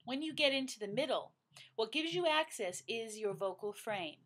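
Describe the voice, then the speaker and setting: A middle-aged woman teaching singing, explaining vocal registers slowly and breaking into loud sung exercises. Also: fairly high pitch, lively intonation. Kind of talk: vocal lesson with sung demonstrations.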